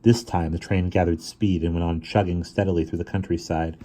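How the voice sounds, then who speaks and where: A man reading a children's novel aloud in steady storytelling narration. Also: deep voice, a little fast, slight background noise. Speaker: reader.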